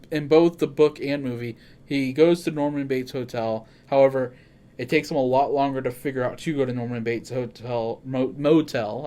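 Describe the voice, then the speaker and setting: An excitable podcast host with an ordinary mid-pitched voice chats casually, swearing freely. He keeps stopping himself to correct what he just said.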